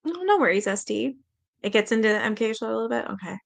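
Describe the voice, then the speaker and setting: Her voice is on the high side and gravelly, flat in delivery and fast. This Canadian livestream host reads aloud and banters loosely with her viewers, laughing a lot and swearing freely.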